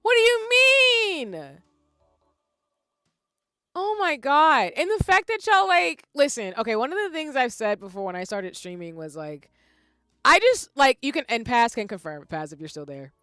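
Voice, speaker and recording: A woman streamer chatting casually with her viewers, expressive and swinging from soft-spoken to loud exclamations. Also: a little high, normal speed, smooth, no echo, studio quality, faint music behind.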